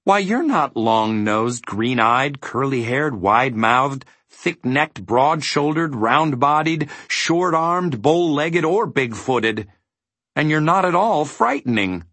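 A man voicing an earnest young boy who complains and shouts when tricked. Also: medium pitch, lively intonation, slow pace, no echo. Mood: surprised. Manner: complaining, indignant.

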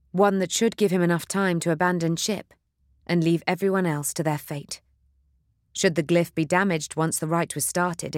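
Steady audiobook narrator, dry sound. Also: mid-range voice, no echo. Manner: measured, steady storytelling.

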